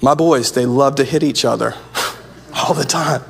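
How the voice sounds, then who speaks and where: A man's voice: medium pitch, unhurried, gravelly, slightly rough. A man preaching a sermon as pastor, earnest and conversational, often restarting his sentences.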